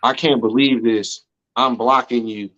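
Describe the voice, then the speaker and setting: An American man with a mid-range, slightly bright voice speaks a little slowly with fairly even intonation, and the recording is muffled. He's a guest in an interview, telling stories casually and slangily while repeatedly asking "you know what I'm saying."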